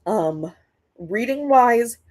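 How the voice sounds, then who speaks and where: A woman's voice: a little high, animated, extremely slow, a little mellow, slight background noise. A young woman hosting a reading stream, chatting casually and ranting with lots of swearing. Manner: ranting, profane, exasperated. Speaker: booktube livestream host. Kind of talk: casual chat during a reading sprint stream.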